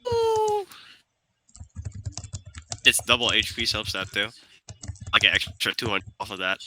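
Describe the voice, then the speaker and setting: A man chatting casually with friends while playing a game, reacting with excited slangy exclamations. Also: lowish voice, brisk, a little hiss or hum. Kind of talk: casual chat.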